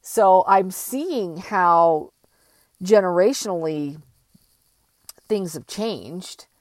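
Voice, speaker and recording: An older woman talking slowly and thoughtfully in a reflective personal monologue, with many pauses and fillers. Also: on the low side, darkish tone, dry recording.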